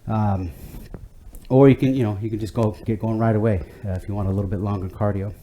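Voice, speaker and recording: A man's voice: on the low side, fairly even intonation, quick pace, mellow, slight background noise. A man leading a home workout class, talking in an easygoing, chatty way with many fillers and restarts. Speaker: fitness instructor. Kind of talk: guided workout instruction.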